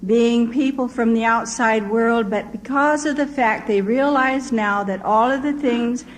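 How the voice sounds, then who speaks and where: A woman's voice: fairly high pitch, a little slow, poor audio. An older woman, a missionary, telling her testimony as a vivid story. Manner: vivid storyteller who acts out quoted voices.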